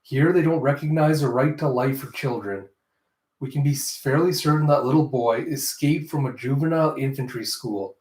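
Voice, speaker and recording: A man voicing a stern, blunt female bodyguard in a comic readthrough, speaking flatly and matter-of-factly. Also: medium pitch, normal speed, natural voice. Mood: grim. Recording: roomy echo.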